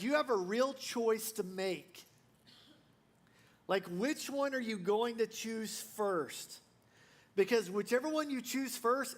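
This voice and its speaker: A male pastor preaching a sermon in a casual, joking way, full of fillers and restarts. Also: high voice.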